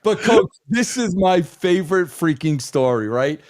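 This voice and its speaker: A man telling a story on a talk podcast, excitable and emphatic, always addressing the host as "bro". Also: sits high, a little slow, slight background noise. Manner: excitable, swears for emphasis, keeps saying "bro". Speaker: guest.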